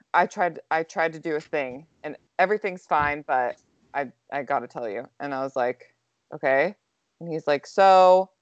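A woman's voice: low voice, dry recording. Chatty young woman, dull dry sound. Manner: chatty, lots of "like" fillers, laughs often. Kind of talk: casual storytelling chat.

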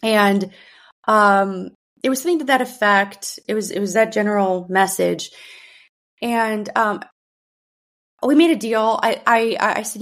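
A woman in her thirties speaks openly in a podcast monologue, her mid-range voice carrying a noticeable gravelly fry. She talks in a loose, conversational way, circling back and restarting her sentences as she thinks aloud. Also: medium pitch, a little slow, long pauses, a bit bright. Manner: candid, conversational, many restarts and fillers. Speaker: podcast host. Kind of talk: personal monologue.

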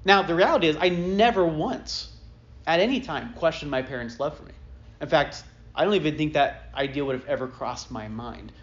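A man in his thirties delivers a sermon like he's chatting with friends, full of asides and "right?" check-ins. His voice sits a bit high for a man. The recording is muffled and lo-fi. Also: normal speed. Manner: conversational, self-deprecating storytelling with frequent "like" and "right?". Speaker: pastor.

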